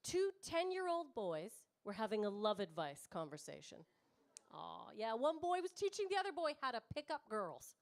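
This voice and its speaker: On a comedy club stage in front of a live audience, a thirtysomething woman does brash stand-up, ribbing the crowd and cursing freely. She speaks at a moderate pace, her voice on the high side with big swings in pitch.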